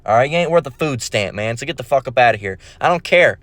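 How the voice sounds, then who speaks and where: A man's voice: mid-range voice, lively intonation, fast talker, a bit bright, no room sound. A man preaching a profane, mocking rant, quoting scripture and stammering in repeats. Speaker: religious video preacher.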